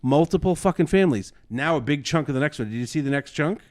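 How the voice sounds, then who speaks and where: A man co-hosting a casual podcast chat, retelling a story with animated acted-out quotes and frequent swearing. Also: mid-range voice, quick pace. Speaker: podcast co-host.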